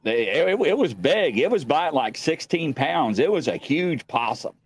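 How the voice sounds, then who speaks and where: Animated, chatty man telling stories. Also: a little high, a little slow, breathy edge, no room sound. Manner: rambling storyteller, laughs and swears often. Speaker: host. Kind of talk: casual live-stream chat.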